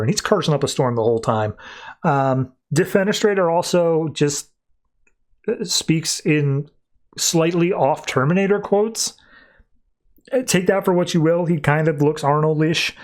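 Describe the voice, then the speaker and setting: A man on a podcast casually recapping a comic book, acting out the characters' lines in quick shifting voices. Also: fairly high pitch. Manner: animated, acts out character quotes in shifting voices. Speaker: podcast host.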